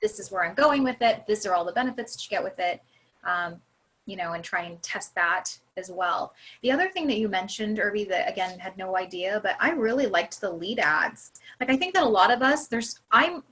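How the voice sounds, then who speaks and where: A woman hosting an online webinar in casual chat, animated and quick to laugh, with rambling asides. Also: medium pitch, low-quality recording. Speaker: webinar host.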